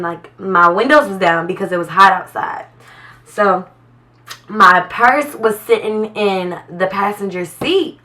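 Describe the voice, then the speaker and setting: A young woman vlogger telling a story in a casual, animated way, full of "like". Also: mid-range voice, far from the mic, low-quality recording.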